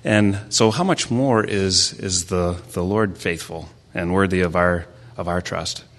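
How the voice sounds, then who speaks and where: A man in his thirties giving an informal sermon, talking haltingly with many restarts and fillers. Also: low voice, fairly bright tone. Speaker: preacher sharing a devotional. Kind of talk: informal sermon with family stories.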